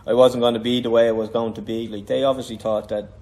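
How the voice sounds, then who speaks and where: A man's voice: medium pitch, flat delivery, fast, warm tone, a little hiss or hum. An Irish man, a former boxer, telling rambling stories in an easygoing way in a casual interview. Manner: rambling, easygoing, laughs often. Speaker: retired boxer, guest. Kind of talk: casual storytelling.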